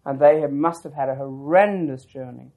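A man with a mellow, mid-range voice speaks at a moderate pace in a rough recording. As an oral history interviewee, he tells a long, reflective personal story, rambling with frequent restarts and asides.

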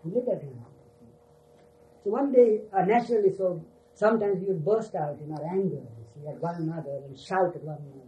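An older man recalling his time with his teacher for a small gathering, unhurried and often adding "you see". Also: high-pitched, dark tone, highs cut off. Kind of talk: reminiscing talk to a gathering.

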